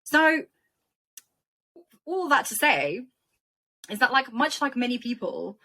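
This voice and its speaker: Young woman from ukraine, guest on an interview, bright sharp voice, emotional lively storytelling. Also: a little high. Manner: animated, emotional retelling with quick laughs.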